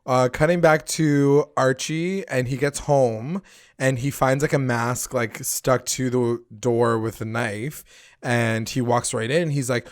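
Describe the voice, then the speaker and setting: A man co-hosting a podcast, recapping a TV episode in loose, profane casual chat, acting out the characters' lines in quick put-on voices. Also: medium pitch, steady tone, no echo, clean studio sound. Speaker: podcast co-host.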